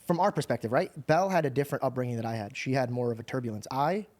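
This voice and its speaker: A man's voice: mid-range voice, animated, rapid-fire, a little mellow. A man hosting a podcast who tells earnest personal stories in a casual, slangy way. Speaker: podcast host.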